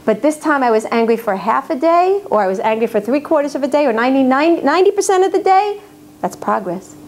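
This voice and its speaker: A woman with a high, bright speaking voice gives a faith lecture to a live audience. She talks earnestly and with emphasis, often repeating a word several times to drive it home. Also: big pitch swings, fast talker. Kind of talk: religious lecture to women.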